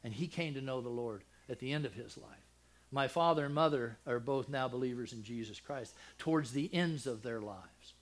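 An older man preaching a sermon, telling a personal family story with deep feeling, dropping to a hush and then rising loud, with many restarts. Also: moderate pace. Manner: emotional, swings from loud and high to hushed and soft; rambling with frequent restarts.

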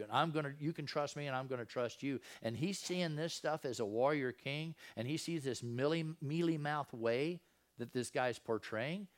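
A man giving a casual Bible teaching in a folksy, conversational way, often asking his listeners rhetorical questions. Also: mid-range voice. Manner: folksy, repeats and restarts phrases. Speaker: Christian preacher.

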